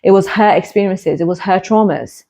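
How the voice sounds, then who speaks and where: A woman's voice: medium pitch, normal speed, mellow. A woman hosting her own podcast, speaking as a hypnotist coach in a candid personal monologue. Her voice sits in an ordinary middle range. She is reflective and stacks her thoughts in repeated, parallel phrases.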